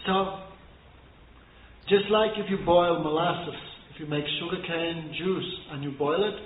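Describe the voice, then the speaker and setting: A man giving a scripture class, telling stories, chanting verses and laughing softly. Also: fairly high pitch, unhurried, slight background noise. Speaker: spiritual teacher. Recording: echoey room over thin phone-like line.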